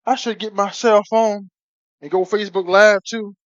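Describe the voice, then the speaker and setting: A man cooking on a live stream, talking excitedly to his viewers, calling them baby again and again and breaking into whoops. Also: sits high, moderate pace, dry recording. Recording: dull lo-fi stream audio.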